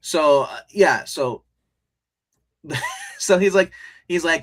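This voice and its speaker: Casting note: man, casual show reviewer, rambling and animated, keeps restarting his sentences. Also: a little high, measured pace, pauses often. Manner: rambling and animated, many restarts and laughs, retells scenes. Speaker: podcast co-host reviewing a TV show.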